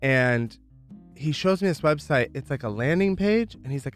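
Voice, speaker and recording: A man's voice: on the high side, lively intonation, moderate pace, faint music behind. A man from Michigan telling his founder story in a candid, chatty way, dropping "like" often. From Michigan, USA. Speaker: entrepreneur guest. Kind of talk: casual storytelling.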